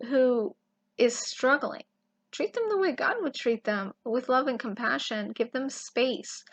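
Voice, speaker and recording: Woman preaching casually, fairly high voice, gets emphatic, lots of restarts. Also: fairly bright tone. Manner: impassioned, emphatic, with pauses and restarts. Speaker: Christian teacher. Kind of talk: informal Bible teaching.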